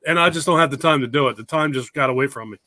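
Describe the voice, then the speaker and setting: A man's voice: mid-range voice, rapid-fire, bright, forceful tone, no echo. A man chatting as a guest on an online call, candid and blunt, swearing casually. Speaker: guest, video creator. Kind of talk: casual chat.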